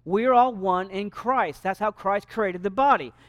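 A man preaching a sermon in a church sanctuary, animated and shifting loudness for emphasis. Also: high voice, unhurried, dry recording, studio quality. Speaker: pastor.

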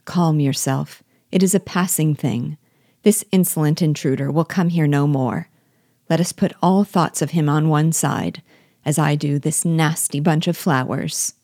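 A woman reading aloud as a gentle, innocent young woman, with calm and reassuring speech. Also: deep voice, a little slow, no echo, clean studio sound. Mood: soothing.

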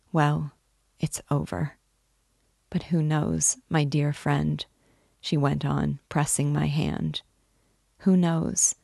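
A woman's voice: deep voice, creaky, darkish tone, no echo, clean studio sound. A woman reading a classic novel aloud, voicing its characters with emotion. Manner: slow, emotive reading of dialogue. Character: Nastenka, tearful young woman. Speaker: reader. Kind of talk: literary audiobook reading.

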